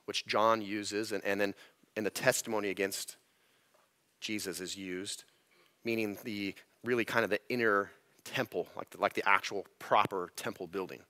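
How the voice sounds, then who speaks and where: Guy pastor preaching, bright voice, dry close sound, keeps restarting words. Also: medium pitch, no room sound. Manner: conversational, with frequent repeated words and restarts. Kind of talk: expository sermon. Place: church sanctuary.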